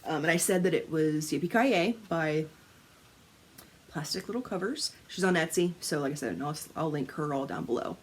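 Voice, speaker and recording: A crafting vlogger chats casually to camera, telling animated stories full of laughs, swearing and acted-out quotes. Her voice is low-pitched at normal speed, with a little hiss or hum.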